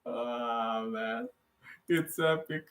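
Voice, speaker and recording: A man's voice: medium pitch, extremely slow, fairly bright tone. Man hosting a live Q&A, roomy sound. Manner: hesitant non-native phrasing with many fillers. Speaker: host. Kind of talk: live stream Q&A.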